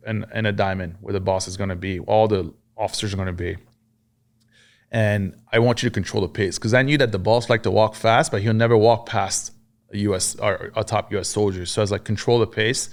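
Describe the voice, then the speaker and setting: A man from France, a podcast guest and army veteran, telling war stories in casual conversation, cursing freely and acting out what others said. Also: on the low side. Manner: profane, acts out quoted dialogue.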